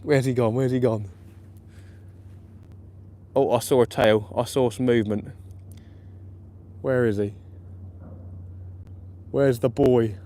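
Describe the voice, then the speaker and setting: A man commenting live on his night fishing session, chatty and excitable, laughing often, outdoors by the water. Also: mid-range voice, slow pace, pauses often. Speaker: fishing vlogger. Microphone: camera or phone mic on a live stream.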